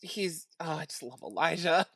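Low-voiced woman, excitable co-host. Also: normal speed, slightly rough, no room sound, clean studio sound. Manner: excitable, laughs often, swears. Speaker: podcast co-host. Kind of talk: casual TV recap chat.

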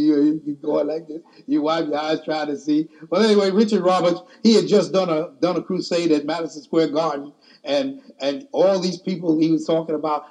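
A man's voice: fairly high pitch, a little mellow. A man preaching a sermon, telling a personal story in a folksy, colloquial way.

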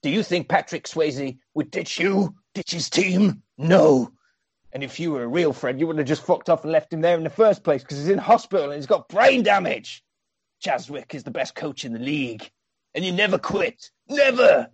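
A man voicing an angry one-eyed older brother who scolds and shouts insults in a film recap. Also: on the high side, expressive, moderate pace, husky, no room sound. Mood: scolding.

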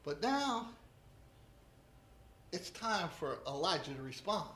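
Preacher, sermon, humorous storytelling, lively pitch, roomy church echo. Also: slow pace, slight background noise.

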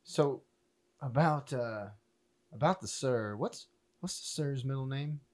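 A man playing a tabletop game, speaking in character as a soldier, laid-back and deadpan. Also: medium pitch, slow pace. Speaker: player.

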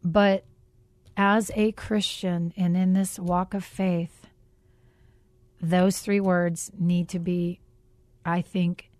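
A woman hosting a faith podcast, telling a personal story in an earnest, reflective way with pauses. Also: fairly low pitch, level tone, a little mellow, no room sound. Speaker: podcast host.

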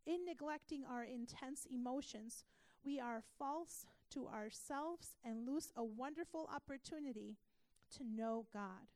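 A woman's voice: a little high, a little mellow, no echo. A woman pastor teaching a church class, earnest and emphatic, asking her listeners questions.

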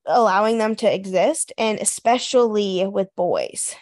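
A woman's voice: mid-range voice, unhurried, a little mellow. A woman in her thirties co-hosting a parenting podcast, chatting casually, laughing often and acting out what she says to her kids. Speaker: podcast co-host. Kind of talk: casual chat.

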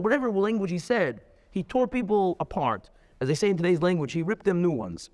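A man teaching a lively lecture, telling stories with emphatic, animated delivery and many repeats. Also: sits high, brisk, hardly any pauses, long reverb tail. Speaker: Torah teacher.

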